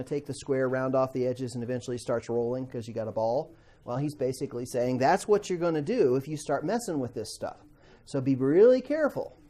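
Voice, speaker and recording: A man teaching a Bible class to students, animated, acting out quotes and asking the class questions. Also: mid-range voice.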